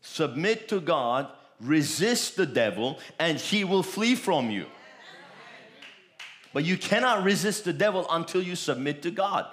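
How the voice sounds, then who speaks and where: A man's voice: a little high, animated, unhurried, a bit bright. A man preaching a sermon, with emphatic, repetitive declarations that rise in bursts.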